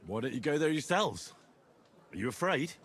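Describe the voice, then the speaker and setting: An actor voicing an earnest, cautious young hero who asks careful questions. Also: male voice, a little high, sing-song, normal speed, a bit bright, breathy edge, exaggerated voice.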